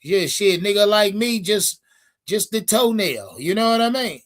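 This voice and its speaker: Profane, animated high-voiced man streaming. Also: a little slow. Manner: profane, animated, addresses chat directly. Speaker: sports stream host. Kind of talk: casual live-stream chat.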